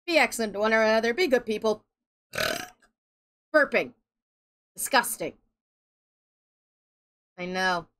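A woman's voice: a little high, sing-song, slow pace, pauses often, fairly bright tone. A woman streaming a detective game, chatting casually and joking with her co-players. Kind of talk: casual gaming stream chat.

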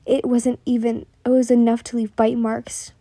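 A young woman reading a second-person fan fiction story aloud in a soft voice that often drops to a whisper, stumbling and restarting lines. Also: fairly high pitch, little pitch movement, moderate pace, no room sound. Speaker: story narrator.

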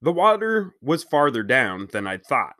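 A man reading a children's novel aloud at a steady pace, stopping now and then to correct his own slips. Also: mid-range voice, measured pace, no room sound, studio quality. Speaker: children's book reader. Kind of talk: read-aloud storytelling.

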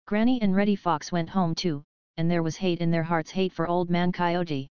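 A woman narrating a children's animal storybook audiobook in an even, measured reading. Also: fairly low pitch, clear, resonant tone, no echo, highs cut off.

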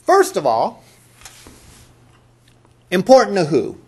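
A man teaching a college class, his fairly high voice rising and falling a lot as he talks. He keeps it conversational, tossing questions out to the room and echoing back the answers he hears. The lecture is recorded in a classroom. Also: huge pitch swings, slow, darkish tone. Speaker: college instructor.

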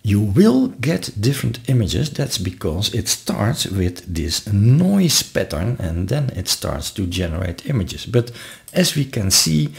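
A man hosting a screen-recorded software tutorial, explaining step by step. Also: fairly low pitch, a little slow, vocal fry. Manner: relaxed, explains step by step with frequent uh fillers. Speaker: tutorial host.

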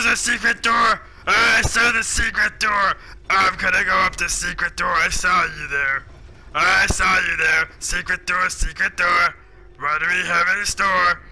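A man with a sore throat giving excitable let's play commentary, swearing a lot and narrating his own moves. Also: sits high. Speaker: gaming commentator. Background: game music.

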